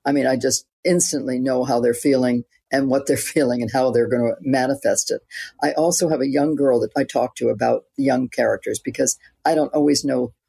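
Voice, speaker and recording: A woman's voice: a bass voice, steady tone, a little fast, vocal fry, warm tone, breathy edge, dry recording. A woman in her eighties, an actress and author, chatting reflectively as an interview guest with light laughs mid-sentence. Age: 80s. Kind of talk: casual interview chat.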